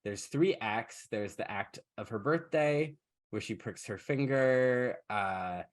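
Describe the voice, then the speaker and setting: A man of middle pitch hosts a podcast in loose, casual chat. His storytelling is wry and sarcastic, and he swears freely. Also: slow. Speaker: podcast host.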